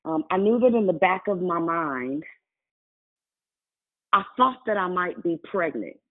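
A woman's voice: lowish voice, lively intonation, unhurried. Woman preaching a testimony, tinny sound. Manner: conversational, addresses congregation directly. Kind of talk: sermon testimony.

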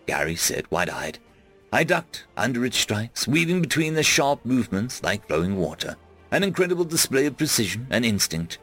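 A man narrating a first-person fantasy audiobook in a dramatic, expressive storytelling manner. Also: medium pitch, moderate pace, soft background music.

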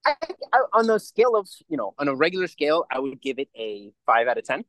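A man's voice: medium pitch, big pitch swings, fast, fairly bright tone, no echo. A man co-hosting a podcast in casual chat, rambling and swearing freely as he acts out little quotes. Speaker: podcast co-host.

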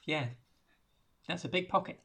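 Low-voiced woman recapping a film. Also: moderate pace, vocal fry, a bit bright, breathy edge. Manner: rambling storyteller, dry asides and swearing. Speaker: podcast co-host. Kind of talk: casual chat, recapping a film.

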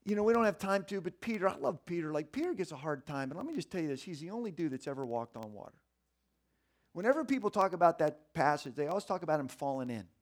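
A man preaches in a casual, streetwise way, talking to the crowd like friends. His voice sits a little high, and he drops to a near hush before climbing back to loud, excited stretches. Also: fast talker. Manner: animated, swinging between hushed and loud; conversational, streetwise, folksy. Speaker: pastor. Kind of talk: sermon.

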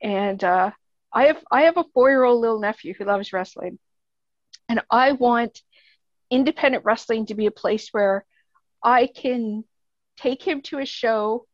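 A woman's voice: on the high side, unhurried, no room sound, lo-fi sound. A woman with a Canadian accent, speaking as a podcast guest in casual, earnest, rambling chat, laughing often.

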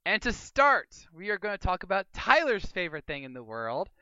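A man hosting a casual gaming podcast, excitable and jokey with quick outbursts. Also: high voice, lo-fi sound, very noisy. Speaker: podcast host.

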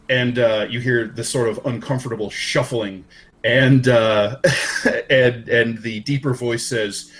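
A man narrating a tabletop game as game master, unhurried and searching for words with many fillers. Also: medium pitch, fairly even intonation, a bit bright, soft background music.

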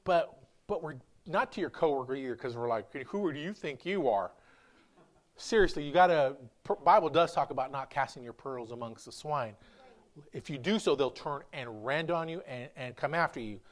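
A man's voice: mid-range voice, a little fast. A man preaching a casual, humorous sermon as a pastor at a church service, chatty and playful, acting out little quotes as he talks. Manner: chatty, playful storyteller who acts out quotes.

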